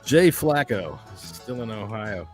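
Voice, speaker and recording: A man's voice: on the low side, sing-song, slow, faint music behind. A man hosting a casual fan podcast, reading listener emails and joking with loose, profane talk. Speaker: podcast host.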